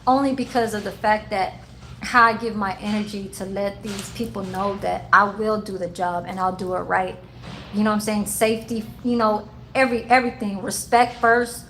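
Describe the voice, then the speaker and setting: A woman in her forties hosts a casual livestream, swapping childhood stories with her chat, laughing often and cursing a lot. Her mid-range voice is steady and a bit bright at a normal pace. The audio is poor, with a little hiss or hum.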